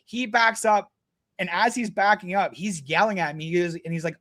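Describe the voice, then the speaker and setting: Blunt, cursing man with a high voice. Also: moderate pace, fairly bright tone. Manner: blunt, profane storytelling. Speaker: guest. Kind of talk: casual podcast chat.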